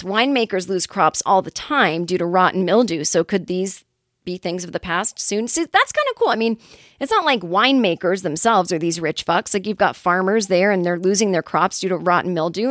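A woman's voice: mid-range voice, animated, a little fast, no room sound, clean studio sound. A woman hosting a comedy podcast, reading news items and breaking off into wry, sarcastic asides. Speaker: podcast host. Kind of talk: casual comedic news chat.

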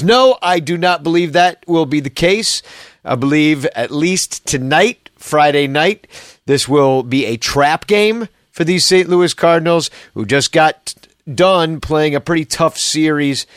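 A man hosting a casual solo sports podcast, rambling and sarcastic as he goes. His voice sits a little high, recorded dry and close. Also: a bit bright, dry recording. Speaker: podcast host.

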